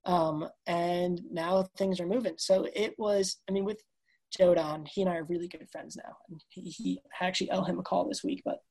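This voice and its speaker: Husky young woman telling a story. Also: fairly low pitch, normal speed. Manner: animated, acts out quoted dialogue, says dude and bro. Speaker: guest musician. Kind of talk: casual storytelling interview. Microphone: video call.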